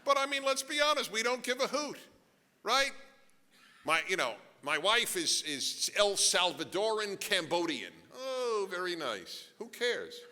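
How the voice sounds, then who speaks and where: A middle-aged man giving a lecture to a live audience, animated, joking in asides and firing off rhetorical questions. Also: high voice, measured pace, slight background noise. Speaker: author giving a talk. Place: large event hall. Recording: long hall reverb.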